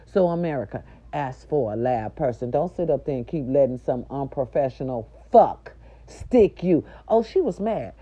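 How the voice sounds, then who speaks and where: A middle-aged woman with a deep, mellow voice tells her audience a story as a loud, indignant, foul-mouthed rant. The recording sounds dull and lo-fi. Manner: loud, profane, indignant ranting. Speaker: nurse aide.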